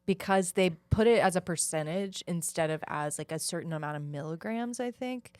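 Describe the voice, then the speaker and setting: A woman's voice: on the low side, a little fast, no echo. A woman co-hosting a podcast, chatting casually in a loose, rambling way and often hedging. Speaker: podcast co-host. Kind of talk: casual chat.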